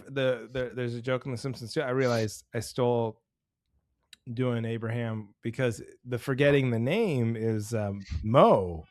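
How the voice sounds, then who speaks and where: A man in mid-range pitch, talking loosely and jokily as a podcast co-host. His stories ramble and pick up speed when he warms to them. The sound is close and dry, with no room echo. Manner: rambling, jokey storyteller who speeds up when excited. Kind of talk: casual chat.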